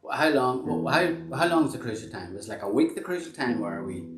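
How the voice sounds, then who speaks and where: A man's voice: medium pitch, animated, fairly quick, over music. A man hosting a casual live-stream chat, rambling and self-deprecating with many restarts. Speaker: host and band member. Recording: echoey room.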